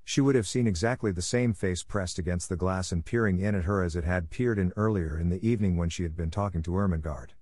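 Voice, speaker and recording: A man narrating a classic novel as an audiobook in a steady, even telling. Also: low voice, quick pace, few pauses, no room sound.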